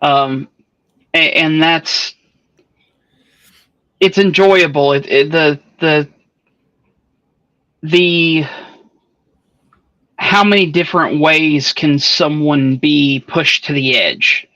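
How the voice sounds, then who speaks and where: Bright-voiced man, animated. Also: on the high side, very slow, pauses often, dull audio. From Atlanta area, US. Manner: animated storyteller with many restarts. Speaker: book club guest. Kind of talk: casual livestream book chat.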